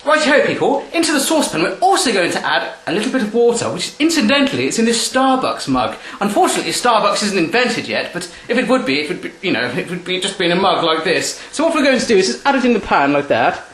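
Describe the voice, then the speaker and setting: A man's voice: high voice, very animated, fast talker, few pauses, a bit bright, echoey room, slight background noise. A man playing his jolly great-great-granddad with a put-on English accent that keeps slipping into Australian, presenting like a documentary host. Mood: jolly hammy. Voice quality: hammy and chipper, documentary-presenter manner. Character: jolly old-timey male ancestor, great-great-granddad. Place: home kitchen.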